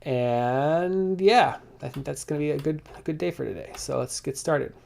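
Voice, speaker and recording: A man thinking aloud in a casual coding log as he walks through his software bugs, with lots of restarts and asides, keyboard typing behind him. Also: a little high, moderate pace, gravelly. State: slightly out of breath.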